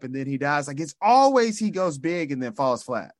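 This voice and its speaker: A man with a lively, swooping voice and slightly high pitch jokes through a sitcom recap. He acts out characters' lines in an animated, playful way. The sound is dry. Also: moderate pace, few pauses, no room sound. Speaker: podcast co-host. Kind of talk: casual chat recapping a sitcom episode.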